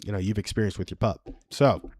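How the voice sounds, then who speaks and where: A man's voice: on the low side, a little fast, darkish tone, slightly rough, no echo, clean studio sound. A man in his twenties hosting a casual solo livestream. He rambles and chuckles at his own stories. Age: 20s. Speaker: livestream host.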